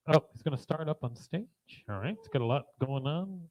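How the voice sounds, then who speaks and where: A man's voice: on the high side, darkish tone, rough recording. A man hosting a live talent show, introducing acts with playful, mumbled asides. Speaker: show host. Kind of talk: emceeing a comedy show.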